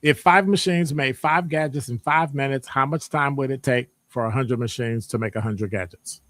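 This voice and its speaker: A man with a Midwestern American accent, presenting a live online session. He reads out audience answers, quizzes them and teases them in an animated, joking way. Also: medium pitch, normal speed, dry recording. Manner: animated, jokey, teasing the audience. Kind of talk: live-streamed lecture with chat.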